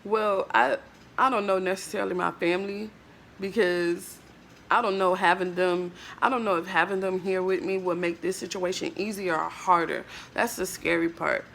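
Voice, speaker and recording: A woman's voice: lowish voice, steady tone, moderate pace, creaky, a bit bright, slight background noise. A woman vlogger in an emotional monologue to camera, ranting in a blunt, emphatic, profane way and leaning on fillers like "like, bruh".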